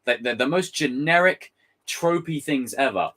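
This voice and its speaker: A man streaming live and reading out chat, talking casually and ranting in an animated, exasperated way, swearing freely. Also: medium pitch, moderate pace.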